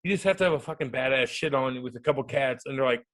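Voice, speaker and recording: A man in his thirties tells stories as an interview guest, loud and profane, then dropping to mumbled asides. His voice sits at an ordinary middle pitch. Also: quick pace, hardly any pauses. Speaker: guest, former hockey enforcer and radio host. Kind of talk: animated interview storytelling.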